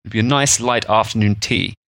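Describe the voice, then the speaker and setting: A man's voice: on the low side, steady tone, fairly quick, a bit bright, dry recording, studio quality. A man, co-hosting a podcast and explaining food history in a rambling, chatty way. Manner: rambling, chatty storytelling with fillers. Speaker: podcast co-host. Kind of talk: casual explanatory chat.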